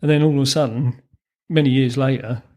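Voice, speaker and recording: A man's voice: medium pitch, steady tone, brisk, darkish tone. A man, a former racing mechanic telling anecdotes as a podcast guest, chuckling through his stories with frequent ums and restarts. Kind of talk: storytelling in a podcast interview.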